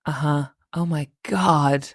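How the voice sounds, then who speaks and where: A woman's voice: low voice, fairly even intonation, slow, no echo, studio quality. A woman hosting a podcast in casual chat, reacting to a story with swearing exclamations. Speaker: podcast host.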